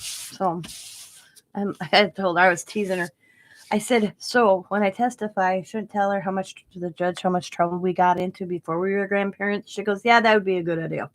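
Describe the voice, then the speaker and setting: A woman's voice: mid-range voice, fairly even intonation, normal speed. An older woman from Wisconsin, a craft channel host, rambling through family stories while crafting and laughing at her own tales. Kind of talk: casual chat while crafting live.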